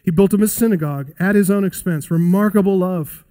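A man preaching a sermon in an earnest, emphatic way, slowing down to stress key lines and quoting scripture aloud. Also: high voice, warm tone.

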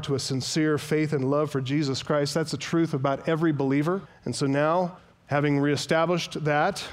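A man preaching an earnest expository sermon as a pastor, reading scripture aloud and explaining it. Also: fairly high pitch.

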